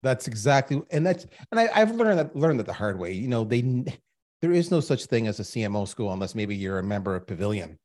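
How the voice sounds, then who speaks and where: Animated, emphatic man in his fifties. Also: fairly low pitch, brisk. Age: 50s. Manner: emphatic, animated storyteller who addresses listeners directly. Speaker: podcast guest. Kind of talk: storytelling in a podcast interview.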